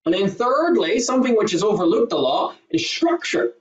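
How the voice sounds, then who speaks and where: A man's voice: high voice, very animated, moderate pace. A man, a presentation skills trainer, explaining with an emphatic coaching manner as a guest on a call. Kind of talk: podcast interview answers. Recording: roomy, distant, dull remote audio.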